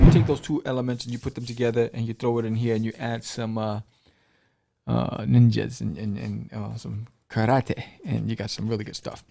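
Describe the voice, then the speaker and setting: A man hosting a casual podcast, retelling a comic's story in a playful, animated way and acting out the characters' lines. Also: medium pitch, creaky. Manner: playful, jokes with the listener. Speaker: podcast host reviewing comics. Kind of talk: casual chat.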